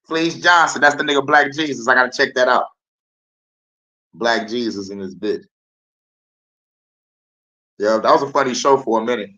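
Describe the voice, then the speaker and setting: A man's voice: medium pitch, measured pace, pauses often, sharp tone, lo-fi sound. A young man hosting a podcast, talking loosely and profanely over clips and laughing often. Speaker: podcast host. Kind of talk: casual commentary over played clips.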